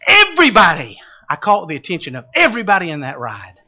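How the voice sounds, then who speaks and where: A man preaching a sermon, swinging from loud calls to hushed low asides. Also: huge pitch swings, fast. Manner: dramatic shifts from shouting to hushed low tones.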